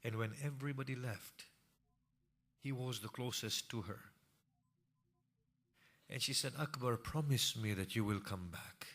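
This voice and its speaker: A male preacher delivers a mournful sermon at an unhurried, measured pace. His voice is forceful and pressed, moving between hushed grief and impassioned, rising cries. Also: medium pitch. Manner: grieving recital that swells from hushed to impassioned cries.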